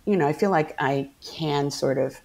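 A middle-aged woman sits in as a guest, spinning lively stories from her career in a casual chat. Her voice sits on the lower side and she breaks into laughter easily. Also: normal speed, creaky. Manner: animated anecdotal storyteller, laughs often. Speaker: guest actor. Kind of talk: casual storytelling interview.

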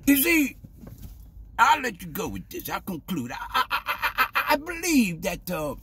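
A man talking casually to the camera in a preachy, animated way, stumbling over repeated words and dropping in "man" and "baby". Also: extremely high pitch, a little slow, husky. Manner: street-style grammar, says "man" and "baby". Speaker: vlogger. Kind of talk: casual spoken monologue.

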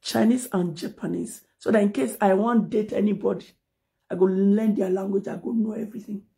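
A woman's voice: medium pitch, fairly even intonation, fairly quick, gravelly, dark tone. A Nigerian-accented mother scolding critics in a heated, confrontational live video rant, mixing English and Pidgin, recorded on a phone. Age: adult mother. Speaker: social media personality.

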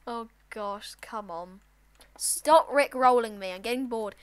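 A woman giving casual, excitable let's-play commentary with sudden loud outbursts. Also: fairly high pitch, unhurried, clear, resonant tone. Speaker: gaming channel host.

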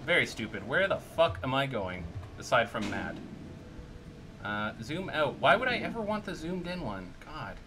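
A man's voice: medium pitch, big pitch swings, moderate pace, background noise. A Canadian man from British Columbia giving casual, joking, self-deprecating gameplay commentary as a streamer, with some swearing. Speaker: game streamer.

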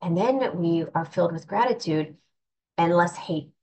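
A woman's voice: lowish voice, lively intonation, moderate pace, crowd noise, rough recording. A woman giving an earnest, reflective spiritual talk in a casual, conversational way, often restarting her sentences. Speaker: spiritual teacher.

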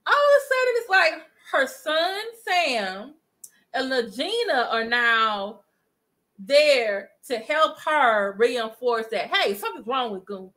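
Woman vlogger spilling tea, high bright voice, talks right at the viewers. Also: slow pace. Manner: chatty, addresses viewers directly, animated retelling. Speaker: commentary vlogger. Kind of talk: casual gossip commentary.

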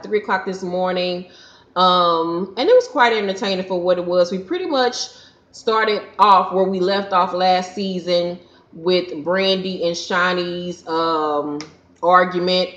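A woman's voice: lowish voice, a bit bright. A woman recapping a reality TV episode in a casual, opinionated vlog, blunt, sassy and heavily profane. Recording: roomy, dull lo-fi recording.

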